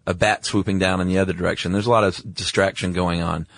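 A man co-hosting a podcast in casual chat, quick asides and frequent laughs. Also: deep voice, steady tone, creaky, fairly bright tone, dry recording. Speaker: podcast co-host.

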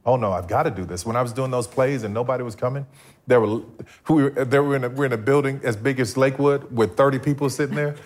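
A man's voice: mid-range voice, fairly even intonation, fast talker. Middle-aged male guest telling a dramatic personal testimony with voiced-out dialogue. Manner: storytelling, acts out quoted dialogue. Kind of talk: personal testimony in a faith talk.

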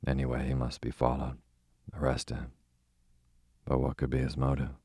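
A man's voice: a bass voice, monotone, normal speed, mellow, husky, no echo, studio quality. Man doing an eager, hasty companion. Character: eager, impatient male companion to the detective.

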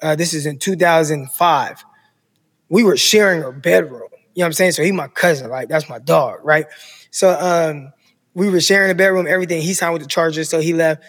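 In a large hall, a man in his thirties speaks a little high and fairly quick. He's a former football player from Stockton, California, guesting on a podcast and recounting his own football story in relaxed talk, lively and full of impressions of the coaches and people involved.

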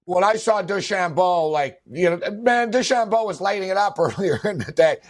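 A man's voice: high-pitched, animated, moderate pace. A man co-hosting a casual sports talk show, rambling with lots of fillers and laughing often. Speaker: sports podcast co-host.

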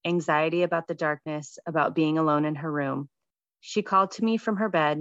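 Woman in her 30s, low-pitched, reads a personal essay gently, dry close sound. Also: no echo. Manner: gentle, reflective reading. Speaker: radio essayist, mother. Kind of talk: scripted personal essay reading. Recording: dull lo-fi sound.

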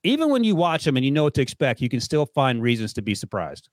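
A man's voice: medium pitch, huge pitch swings, fast talker, dry recording, studio quality. Upbeat joking male podcast host. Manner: upbeat, joking, plugs the show. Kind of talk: casual podcast chat.

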